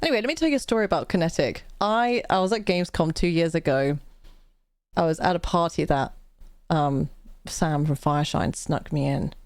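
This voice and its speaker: Speaking at normal speed in a low voice, this woman from the UK tells meandering stories on a casual live stream. She cuts herself off, starts over and laughs often, with no echo in the audio.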